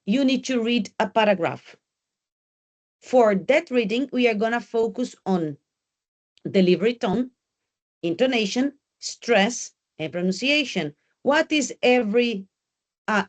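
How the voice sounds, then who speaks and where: Woman English teacher in a classroom; direct, coaching delivery that drills key points. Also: a little high. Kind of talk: exam preparation class.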